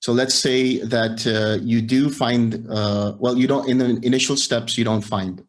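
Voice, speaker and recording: A man teaching meditation, explaining practice patiently and in measured steps over a video call. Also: medium pitch, steady tone. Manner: patient, measured, builds on examples step by step.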